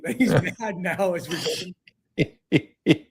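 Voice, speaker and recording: A man's voice: high voice, slow, slightly rough. A man, a hockey broadcaster appearing as a guest, telling a story in a casual sports talk-show chat and acting out the quotes as his voice climbs. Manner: animated storyteller, acts out quotes with rising voice.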